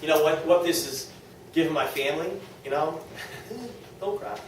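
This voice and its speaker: A man giving an enthusiastic testimonial talk to a small audience at a business meeting, quoting others in quick lively asides. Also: a little high. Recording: very echoey room, distant mic, faint noise.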